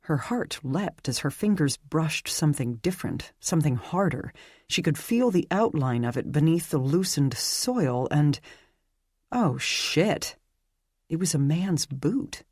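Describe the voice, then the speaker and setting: A narrator reading a dark fantasy novel aloud with a measured, even storytelling delivery. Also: medium pitch, husky, no room sound, clean studio sound. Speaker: audiobook narrator. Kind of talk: scripted audiobook narration.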